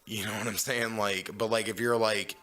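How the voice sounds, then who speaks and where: A man's voice: on the low side, steady tone, normal speed, pushed and bright. A man hosting a casual podcast chat, rambling and swearing, peppering his talk with "you know what I'm saying.". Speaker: podcast host.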